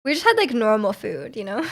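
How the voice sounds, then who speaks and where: A young woman with a high, light voice hosts a livestream from her home streaming setup. She chats casually into her streaming mic and reads viewer messages aloud. She giggles often and fills pauses with "um" and "like". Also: sing-song. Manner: chatty and giggly, with frequent laughs and filler words. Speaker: livestream host.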